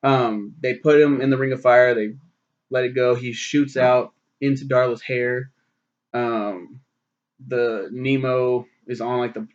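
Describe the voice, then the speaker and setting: A man's voice: mid-range voice, dull audio. A man in his twenties casually recapping a film, rambling with lots of fillers and swearing. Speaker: film reviewer.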